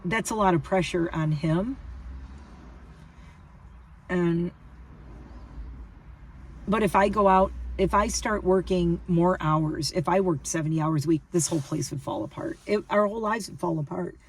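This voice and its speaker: A woman's voice: fairly low pitch, a little slow, pauses often, breathy edge, distant mic. A woman in her fifties talking casually to her viewers, emphatic and repetitive, often restarting her sentences. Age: 50s. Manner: emphatic, repeats herself, restarts. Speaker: lifestyle vlogger. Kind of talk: casual rambling monologue to camera.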